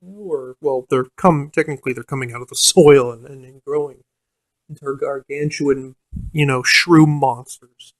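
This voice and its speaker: A man's voice: medium pitch, steady tone, measured pace, dry recording. A man casually telling a rambling, profane story about a tabletop game, full of fillers and restarts, and mimicking the game master. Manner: quotes the game master in a mocking voice. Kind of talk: casual anecdote.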